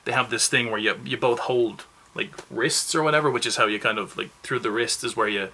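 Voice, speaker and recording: Man, casual rambling movie review, forceful tone, self-mocking asides. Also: medium pitch, brisk, slightly rough.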